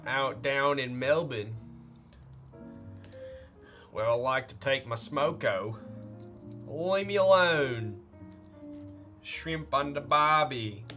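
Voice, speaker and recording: A man's voice: mid-range voice, sharp tone. A man voicing a cheery, cliched Australian bloke, full of jokey over-the-top slang.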